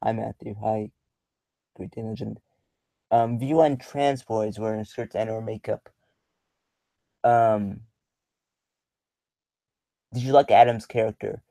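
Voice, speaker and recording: A man's voice: fairly low pitch, steady tone, slow pace, creaky, pauses often, mellow, no room sound. A young man hosting a casual livestream, reading chat questions aloud and answering in a rambling, blunt way full of ums and swearing. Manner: rambling, filler-heavy, blunt and profane.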